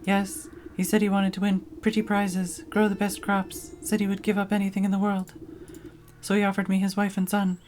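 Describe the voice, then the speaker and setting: A woman's voice: mid-range voice, monotone, normal speed, a little mellow, a little hiss or hum, pitched above the performer's own voice, lightly acted. A woman voicing a grand, pompous scarecrow spirit who speaks in an old-fashioned bargaining way.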